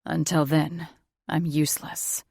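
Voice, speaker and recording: A woman voicing a weakened male dragon shifter who speaks low and tender, murmuring to his lover. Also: little pitch movement, unhurried, creaky, a little mellow, no echo, studio quality, full character voice. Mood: dejected.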